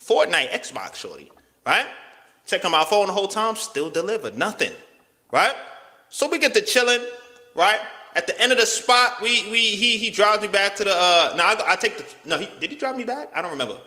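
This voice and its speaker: A man's voice: moderate pace, long reverb tail. A man telling a casual, slangy story, acting out the quotes with big swings in his voice. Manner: animated, slangy, swings pitch widely, acts out quotes.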